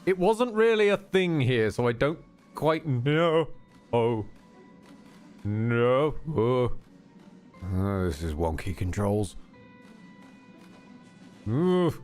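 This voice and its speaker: Playful man with a lively voice commentating a game. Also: medium pitch, drawn-out words, pauses often, faint music behind. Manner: playful, crude, jokey. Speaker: streamer. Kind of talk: casual gameplay commentary.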